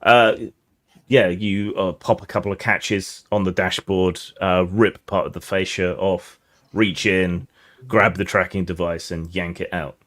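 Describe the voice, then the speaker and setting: A man narrating as game master of a tabletop game, relaxed and descriptive with many fillers. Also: low-pitched, measured pace.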